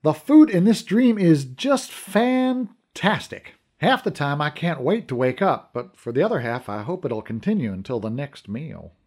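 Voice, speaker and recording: A man voicing an excitable, indignant modern cop who shouts and panics. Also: on the high side, unhurried, few pauses, heavily acted. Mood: delighted.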